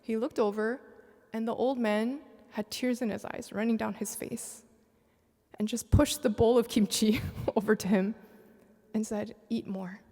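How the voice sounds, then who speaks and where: A woman tells a heartfelt story of faith to a panel. Her voice sits a little high. The sound carries the long echo of a large sanctuary. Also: steady tone, measured pace, dark tone. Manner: emotional storytelling, breaks into tears. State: tearful, voice breaking. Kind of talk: telling a testimony story.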